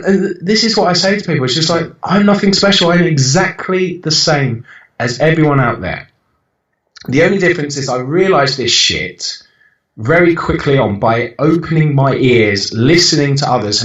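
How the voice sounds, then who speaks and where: A man's voice: mid-range voice, fairly bright tone, far from the mic. A young man, a podcast guest, talking bluntly and with plenty of swearing as he tells motivational stories. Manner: blunt, profane, motivational storytelling. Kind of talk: casual podcast conversation. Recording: dull, roomy podcast recording.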